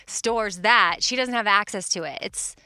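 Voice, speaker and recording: A woman co-hosting a radio morning show, chatty and quick to laugh in casual banter. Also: medium pitch, bright, forceful tone, clean tone, no room sound, studio quality.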